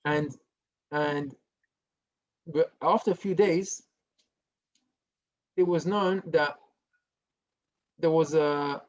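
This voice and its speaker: A male rabbi giving a Torah lesson as a story, lively and dropping to a hush for the dramatic parts. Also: fairly high pitch, muffled recording. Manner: animated storyteller who drops to a hushed tone for dramatic parts.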